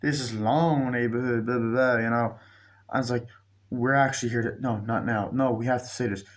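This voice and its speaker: A man giving a casual spoken movie review, rambling and swearing, acting out scenes with quick mimicked lines. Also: medium pitch, fairly even intonation.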